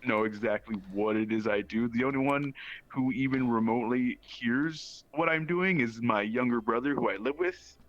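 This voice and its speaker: A young man guest chatting casually, rambling with many pauses and restarts. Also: medium pitch, dry recording, muffled recording. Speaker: guest streamer. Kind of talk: casual chat.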